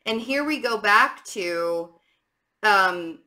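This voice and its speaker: Bright-voiced woman giving a tarot reading. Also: medium pitch, lively intonation, drawn-out words. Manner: chatty, frank and emphatic. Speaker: tarot reader. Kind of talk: casual tarot reading to camera.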